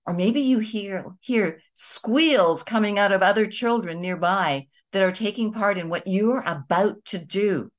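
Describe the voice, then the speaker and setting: A woman hosting a show, talking to her viewers in a gentle, conversational way. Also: mid-range voice, unhurried, hardly any pauses. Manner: gentle, conversational, with soft emphatic asides. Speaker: host of a kindness and energy show. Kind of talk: reflective spoken talk to viewers.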